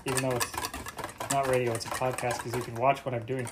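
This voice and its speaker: Talking fast in a mid-range voice with little pitch movement, a Canadian podcast host rambles and jokes, swearing plenty, as he cooks breakfast in his home kitchen. Background noise includes dishes and cutlery clattering.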